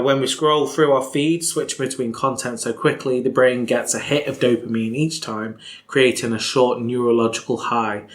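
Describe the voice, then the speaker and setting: A man with a mid-range, fairly bright voice hosts a podcast in an echoey room. He chats casually and rambles, filling his talk with plenty of fillers.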